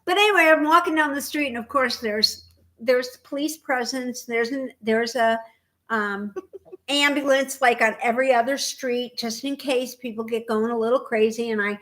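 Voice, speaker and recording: Podcast co-host, woman from Indiana; animated, laughing storyteller in relaxed chat, voice a touch high. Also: normal speed. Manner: animated storyteller, laughs often, acts out quoted dialogue. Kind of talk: casual chat.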